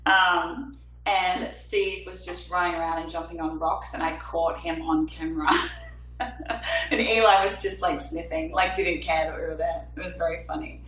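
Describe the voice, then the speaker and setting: A woman's voice: lowish voice, fairly even intonation, unhurried, a bit bright, recorded from a distance. A woman in her thirties, a singer-songwriter chatting on a livestream from her small apartment in a bubbly, chatty way as she reads viewer comments aloud. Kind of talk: casual livestream chat. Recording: roomy, off-mic home stream with faint hum.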